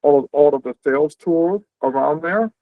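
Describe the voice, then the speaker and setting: Man, host, video call, quick conversational talk, tinny phone-like sound, dry. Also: a little high, no room sound. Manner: quick, conversational, frequent "right?" check-ins. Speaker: company owner hosting an info session. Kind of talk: explaining career paths on a video call.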